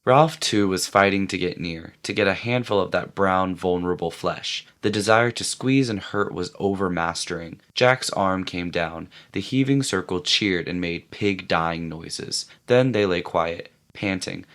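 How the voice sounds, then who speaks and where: Low-voiced man reading a novel. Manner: steady, measured narration. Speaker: reader.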